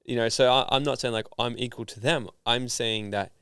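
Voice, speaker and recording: Smooth-voiced Australian man, casual storytelling. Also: mid-range voice, fairly quick, dry recording, clean studio sound. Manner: animated storyteller, filler-heavy. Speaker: podcast guest, founder and speaker. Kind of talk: casual interview chat.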